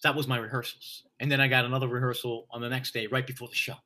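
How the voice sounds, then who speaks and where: Bright-voiced man telling a lively story. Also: mid-range voice, fast talker. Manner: profane, laughing, energetic storyteller. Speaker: stage actor, guest. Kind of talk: casual storytelling in a conversation.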